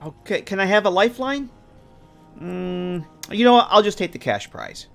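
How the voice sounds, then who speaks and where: Male game streamer, lively mid-high voice, casual running commentary. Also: moderate pace, creaky, soft background music. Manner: chatty, talks to viewers and game characters.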